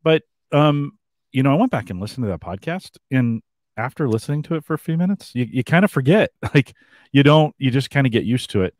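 A man co-hosting a podcast, chatting in a relaxed, conversational way. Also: mid-range voice, a little fast, dry recording, studio quality. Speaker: podcast co-host. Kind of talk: casual podcast chat.

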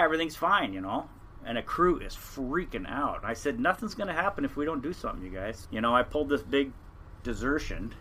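An older man who spent his life fishing recounts his years at sea in a rambling, earnest way, often restarting his sentences. His voice is bright and forceful, with a faint hiss of background noise behind him. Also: medium pitch. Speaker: podcast guest, retired fishing captain. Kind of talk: casual storytelling interview.

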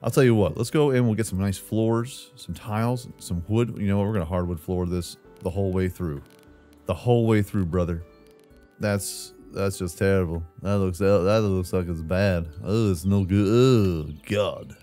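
Playful low-voiced man narrating his gameplay. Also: moderate pace, hardly any pauses, warm tone, faint music behind. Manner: playful, talks to himself, jokey asides like "brother". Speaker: gaming channel host. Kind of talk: casual let's-play commentary.

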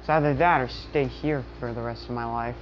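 A bitter teenage boy , as a woman acts him out, blunt and resentful, with a low voice. The take sounds dull and lo-fi, with a faint hiss underneath. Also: fairly even intonation, a little fast. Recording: dull lo-fi recording.

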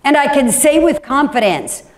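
A woman pastor preaching a sermon in a church, animated and emphatic, with sudden drops to a quiet, low voice. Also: moderate pace. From Washington State.

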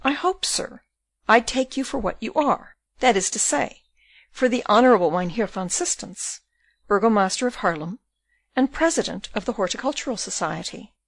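A woman's voice: mid-range voice, animated, moderate pace, no echo. A woman reading an audiobook, voicing an earnest, anxious young woman who pleads and insists. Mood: insistent.

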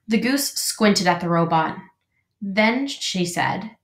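A woman teacher reading a children's novel aloud in an expressive, animated way. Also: lowish voice, slow. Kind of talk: storybook read-aloud. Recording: roomy echo.

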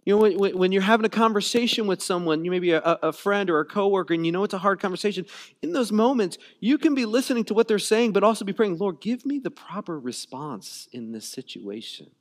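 Speaking fast in a high voice, a man preaches as a pastor in a relaxed, conversational style, repeating words while hunting for phrasing and filling with "you know" and "like."

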